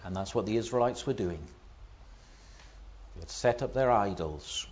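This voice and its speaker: A man preaching a sermon, building to loud emphatic stresses on key words. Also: on the low side, animated, moderate pace, lo-fi sound, a little hiss or hum.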